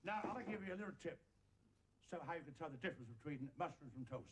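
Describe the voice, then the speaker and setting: A man's voice: a little high, animated, fast talker. A man doing comic stage patter for an audience, bumbling and giggling at his own jokes in mock exasperation, heard on an old TV recording. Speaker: stage comedian and magician. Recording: old TV recording with loud background noise. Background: audience laughter.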